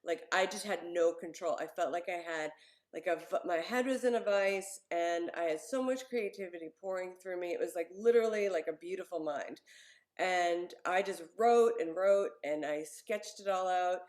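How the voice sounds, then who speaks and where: A woman guest on a podcast interview, telling a personal story in an animated, expressive way with plenty of fillers. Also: lowish voice, normal speed.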